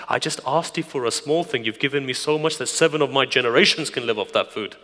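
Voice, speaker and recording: A man preaching a sermon and telling stories, dropping to a hushed near-whisper and then rising to emphatic, raised lines. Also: mid-range voice, fast. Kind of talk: Muharram night sermon. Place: community centre hall. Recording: long hall reverb.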